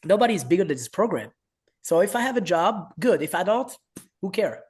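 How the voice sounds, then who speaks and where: Man, French accent, wrestling coach, casual storytelling, fairly high voice, acts out quotes. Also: brisk, breathy edge. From France. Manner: animated, acts out quoted voices, broken English.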